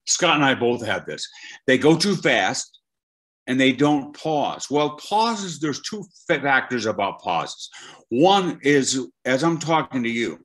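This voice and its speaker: Older man, animated veteran voice teacher. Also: mid-range voice, takes it slowly. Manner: animated storyteller, many restarts. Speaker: guest voice acting teacher. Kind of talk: conversational interview.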